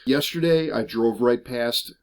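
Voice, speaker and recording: Speaking unhurriedly in a mid-range voice, this middle-aged man vlogs about life on the road in his RV. He's outside at an RV park, chatty and explaining things to the camera, sprinkling in lots of filler words.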